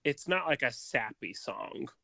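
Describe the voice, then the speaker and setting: Excitable male co-host, bright tense voice, dry recording, lots of "like". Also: mid-range voice, unhurried, gravelly, no echo. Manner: excitable, laughs easily, many "like"s. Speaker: podcast co-host. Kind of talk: casual music discussion.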